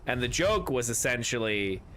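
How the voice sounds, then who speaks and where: A man's voice: mid-range voice, lively intonation, normal speed, a bit bright, a little hiss or hum. Rambling, joking man at a game table. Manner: rambling, jokey, swears casually. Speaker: streamer playing a tabletop game with friends. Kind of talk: casual game-table banter.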